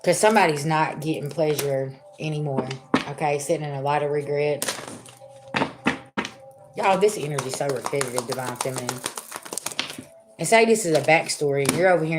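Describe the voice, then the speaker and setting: A woman's voice: deep voice, fairly quick, over music. A middle-aged woman giving a casual spiritual reading to her viewers, talking to them as y'all in a chatty, laughing way. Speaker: spiritual reader. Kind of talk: casual tarot reading livestream.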